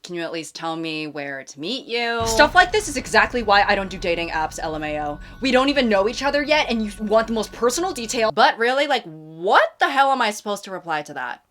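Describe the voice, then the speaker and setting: A woman's voice: on the high side, big pitch swings, fairly bright tone. Sarcastic young woman host. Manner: sarcastic, exasperated, quick asides. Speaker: YouTube host. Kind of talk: comedic commentary reading dating app messages.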